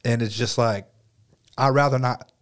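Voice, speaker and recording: A man's voice: medium pitch, fairly even intonation, moderate pace. A young man with an ordinary mid-range voice chats on a podcast. He talks loosely in slang, says dude and bro a lot and swears. He sounds like he is among friends. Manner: laid-back slangy talk, calls people bro and dude. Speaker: podcast co-host. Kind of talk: casual podcast chat.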